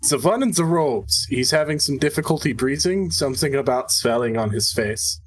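A man's voice: mid-range voice, lively intonation, normal speed, rough recording. Man, tabletop player, formal in-character talk, slight background noise. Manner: stiffly formal in-character speech.

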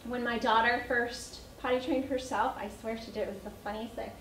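A woman's voice: fairly high pitch, fairly even intonation, fairly quick, a bit bright, slight background noise. Middle-aged female educator, storytelling chat, echoey room with faint ambience. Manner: chatty storytelling with laughs. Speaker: early childhood educator. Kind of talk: parent training talk. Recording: echoey room, mic at a distance.

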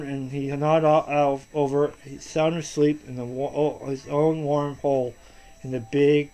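Dad reading a storybook to his kid: gentle, halting, slightly high voice, unhurried. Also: flat delivery. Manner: soft, patient, halting, with frequent restarts. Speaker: father reading to his child. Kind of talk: reading a picture book aloud to a child.

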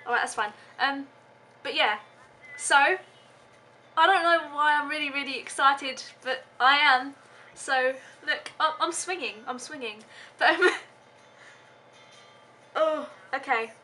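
A woman's voice: sits high, slow, long pauses, sharp tone. A young woman vlogging casually from home, giggling often and rambling with lots of hesitant ums.

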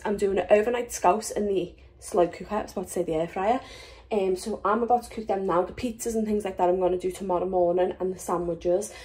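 A woman's voice: medium pitch, darkish tone. A woman chatting casually through her cooking prep in a home kitchen, matter-of-fact and full of fillers. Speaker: family vlogger. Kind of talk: casual vlog narration while cooking.

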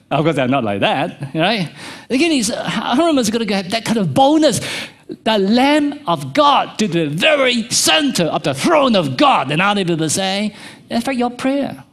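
A middle-aged man preaching a sermon as pastor, swinging between soft low asides and high emphatic peaks. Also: unhurried. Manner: animated preaching, pitch jumping from low to high. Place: church.

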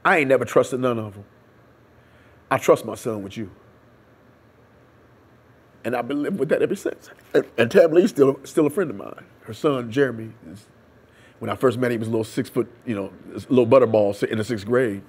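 A man with a husky, somewhat breathy voice tells his story in an oral history interview. He acts out the dialogue and prayers along the way. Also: mid-range voice, brisk, long pauses, darkish tone. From United States. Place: seminary room.

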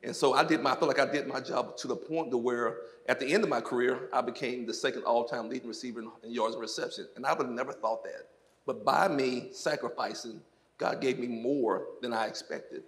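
A man from South Mississippi, a former football player, giving an animated testimony on a church stage, laughing often as he tells stories. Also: medium pitch, brisk. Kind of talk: onstage interview testimony. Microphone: handheld microphone.

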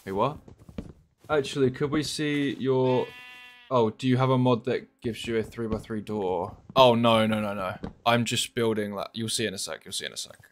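A young man, chatting casually and joking while playing a game, often swearing and getting excited. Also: mid-range voice, moderate pace, a little hiss or hum. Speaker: gaming streamer.

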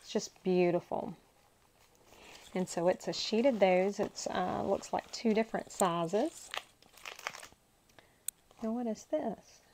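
Lady gushing over craft paper, talks real slow, little faint hiss behind her. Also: mid-range voice, darkish tone, rough recording. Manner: gushing, talks to herself while handling paper. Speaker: crafting channel host. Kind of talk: casual unboxing chat.

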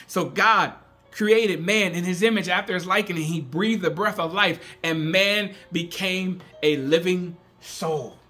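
A man's voice: sits high, measured pace, sharp tone. A man preaching a sermon in a conversational, emphatic way, often acting out the voices he quotes.

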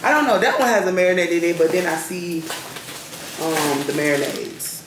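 A woman's voice: lowish voice, lively intonation, normal speed. A young woman, chatting casually to her viewers in a rambling vlog at home. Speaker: vlogger. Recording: echoey room with clear background noise.

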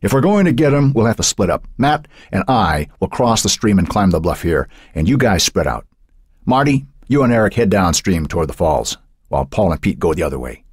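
A man's voice: sits low, big pitch swings, fairly quick, a little mellow, husky, dry recording, clean studio sound, voice pushed up, full character voice. Man voicing a stern middle-aged stepfather. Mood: commanding. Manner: commanding, clipped.

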